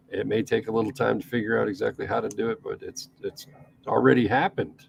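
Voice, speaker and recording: Gravelly east coast guy rambling on a podcast, lowish voice, bit of hiss behind him. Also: steady tone, brisk, low-quality recording. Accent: East Coast American. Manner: rambling, with frequent restarts and profanity. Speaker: podcast co-host. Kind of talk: casual chat.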